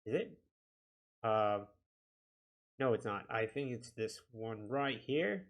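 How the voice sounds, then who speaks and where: A man giving a casual software tutorial, talking himself through each click with a chatty, self-deprecating manner. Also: mid-range voice, animated, takes it slowly. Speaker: video editing instructor.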